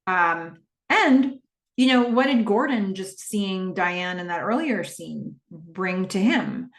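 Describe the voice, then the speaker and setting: A woman talks through a TV episode scene by scene, chatty and animated, with plenty of "like" and "um" between thoughts. Her voice sits at an ordinary middle pitch. The room around her sounds roomy and echoey. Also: slow pace. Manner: chatty, animated retelling with many fillers. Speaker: podcast host. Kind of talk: casual TV rewatch recap.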